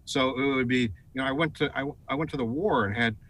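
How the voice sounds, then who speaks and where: Middle-aged American man, bright and forceful voice, animated storyteller on a studio talk show. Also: medium pitch, fast talker. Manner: animated, raises voice for quoted lines. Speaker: guest, advertising executive. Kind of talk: storytelling in a TV interview.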